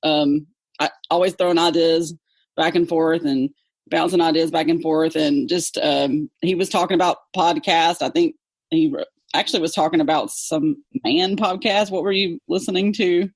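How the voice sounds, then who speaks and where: A woman with a Southern accent, an English teacher chatting in an interview, talkative and quick to laugh. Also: sits low, fairly even intonation, dry recording. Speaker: English teacher, podcast co-host guest. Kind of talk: casual interview chat.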